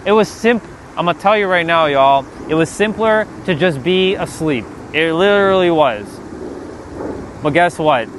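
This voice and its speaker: Man, slightly high voice, casual spiritual vlog rant, swears freely, faint outdoor noise. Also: moderate pace. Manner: animated, swears, talks to God in mock dialogue. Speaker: spiritual vlogger.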